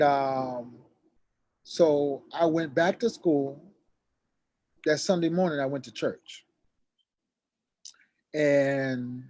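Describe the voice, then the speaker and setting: Animated male storyteller. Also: medium pitch. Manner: acts out quoted dialogue, voice rising sharply when agitated. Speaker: guest telling a personal story.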